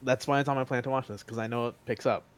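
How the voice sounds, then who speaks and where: Male podcast co-host, steady mid voice, measured explainer. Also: medium pitch, a little hiss or hum. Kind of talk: casual chat.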